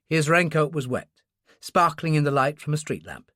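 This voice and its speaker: A man narrating a thriller audiobook in a measured, expressive way. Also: on the high side, dry recording, studio quality. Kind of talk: scripted narration.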